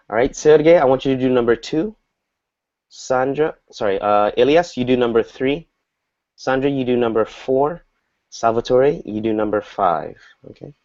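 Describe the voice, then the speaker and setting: A man's voice: medium pitch, a little mellow. Patient male teacher on a muffled call. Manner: patient, explains slowly, acts out example dialogues. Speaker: English teacher. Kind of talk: online group language lesson. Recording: dull lo-fi audio.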